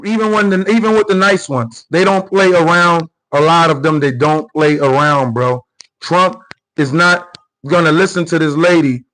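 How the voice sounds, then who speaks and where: A man with a high, lifted voice runs his own political commentary show. He talks off the cuff, circling back on the same phrases in slangy, combative bursts, as if arguing straight at the person on screen. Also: normal speed, rough recording. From New York. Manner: animated, repetitive, slangy and confrontational.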